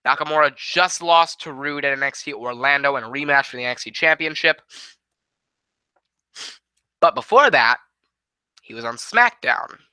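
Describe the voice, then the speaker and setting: Bright-voiced man booking wrestling. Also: on the high side, lively intonation, smooth, no room sound, low-quality recording. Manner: casual, quick, profane play-by-play. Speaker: host. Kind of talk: fantasy booking play-by-play.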